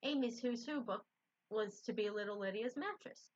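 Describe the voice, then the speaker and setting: A woman reading a children's book aloud in a gentle, unpolished way, correcting her own slips. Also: fairly high pitch, moderate pace. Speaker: storybook reader. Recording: dull lo-fi recording.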